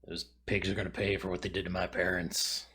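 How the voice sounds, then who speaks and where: Gruff action hero growling threats, low husky whisper, a guy putting it on. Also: level tone, a little fast, pushed and bright, heavily acted. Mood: menacing.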